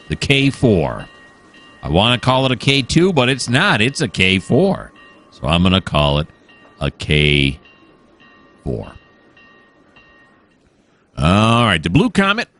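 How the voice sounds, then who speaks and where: Low, lively rambling game commentator man. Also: a little slow. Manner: rambling, easily distracted, musing aloud with many fillers. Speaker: gaming channel host. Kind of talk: casual let's-play commentary.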